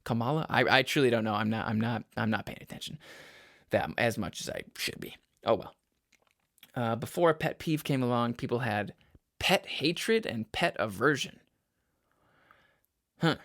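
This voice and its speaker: A young man from Michigan's Upper Peninsula hosting his own podcast, rambling and cutting himself off, laughing at his own jokes and breaking into loud yells. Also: medium pitch, moderate pace, vocal fry, long pauses, dry recording, studio quality. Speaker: podcast host. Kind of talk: casual solo podcast chat.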